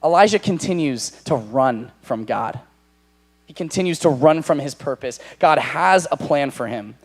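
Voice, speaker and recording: Animated young American man preaching. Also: fairly high pitch, normal speed. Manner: animated, voices God and Elijah in paraphrase. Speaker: young adult ministry preacher. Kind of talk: sermon.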